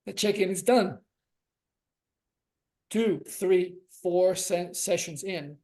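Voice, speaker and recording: A man's voice: high-pitched, slow pace, pauses often, dark tone. A man speaking as a relationship coach on a podcast, earnest and reflective, stretching out key words for emphasis. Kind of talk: reflective conversational podcast talk.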